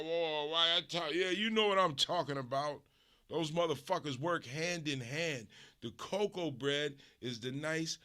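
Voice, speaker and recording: A middle-aged man from Los Angeles hosting a stream, ranting through a comic story in an animated, profane way with big swings in pitch and volume. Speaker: stream host.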